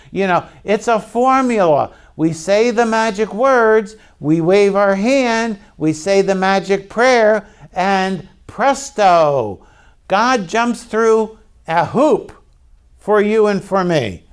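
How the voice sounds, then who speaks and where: A man preaches in a relaxed, conversational style, and his voice sits fairly high. He talks slowly, stopping to put questions to his listeners, and speaks openly about his own struggles. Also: clear, resonant tone. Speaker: pastor. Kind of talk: sermon.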